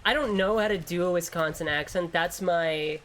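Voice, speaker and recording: A woman's voice: on the low side, moderate pace, a bit bright. Joking, swearing woman gaming streamer. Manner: rambling, joking, swears freely. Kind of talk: casual gameplay commentary.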